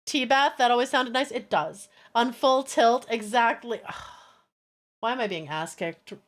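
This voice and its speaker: A woman streamer in casual livestream chat, playful, crude and quick to swear at her chat. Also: a little high, lively intonation.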